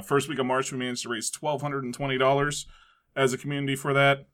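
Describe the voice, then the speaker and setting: A man's voice: medium pitch, bright, forceful tone. A man co-hosting a podcast, rattling off offhand plugs and crude jokes. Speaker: streamer and podcast co-host. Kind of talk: casual chat, reading plugs.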